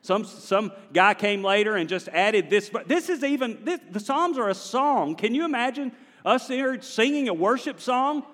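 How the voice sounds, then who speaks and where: Male pastor, higher voice, lively conversational sermon, long church reverb. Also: normal speed. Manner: animated, conversational preaching with the congregation. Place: large church sanctuary.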